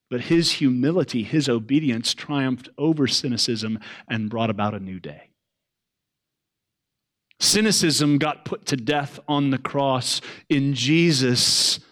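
A man preaching a sermon, earnest, swelling to loud emphasis and dropping to soft, low lines. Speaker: pastor.

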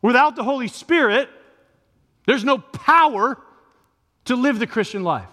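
High-voiced preacher in a reverberant hall. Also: male voice, bright, forceful tone. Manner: conversational preaching with rising emphatic peaks. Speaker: pastor. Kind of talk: sermon. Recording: long reverb of a large hall.

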